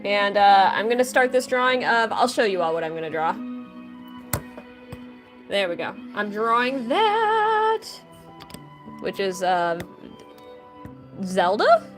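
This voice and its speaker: A woman's voice: medium pitch, measured pace, long pauses, soft background music. A woman chatting casually on a livestream, greeting viewers by name while she draws. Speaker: livestreaming artist.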